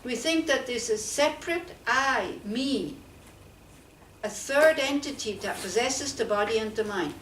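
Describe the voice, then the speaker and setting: A woman's voice: a little high, animated, unhurried, fairly bright tone, a little hiss or hum. A woman, a Buddhist nun, giving a conversational dharma talk to a small group, asking them question after question. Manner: questioning, conversational, many "you know"s. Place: teaching centre room. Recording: echoey room, speaker far from mic.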